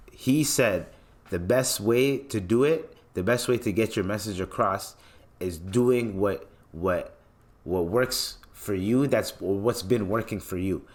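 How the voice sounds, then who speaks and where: Male podcast host, lowish voice, blunt and mocking, swears freely through a casual rant. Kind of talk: ranting casual commentary.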